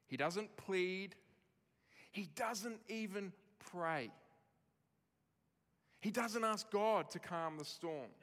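A man preaching a sermon with a fairly high voice, expressive and varied. He drops soft on tender lines and lifts his voice to stress a point. A long hall reverb trails behind his words. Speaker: pastor.

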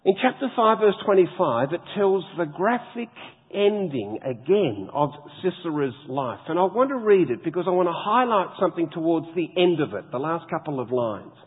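A man preaching a sermon, reading scripture slowly and with heavy emphasis. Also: fairly high pitch, very animated, husky. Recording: tinny phone-like sound with long hall reverb.

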